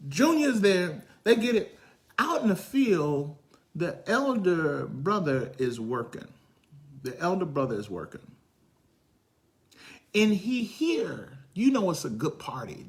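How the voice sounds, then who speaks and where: A man preaching a sermon, swinging from hushed, whispered lines to loud, high-pitched storytelling. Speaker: pastor.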